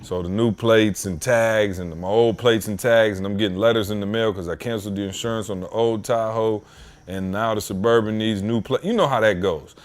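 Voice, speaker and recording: A man hosting a podcast from his home basement, telling a story in a casual, slangy, animated way that climbs in pitch when he gets worked up. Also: a little fast. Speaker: podcast host.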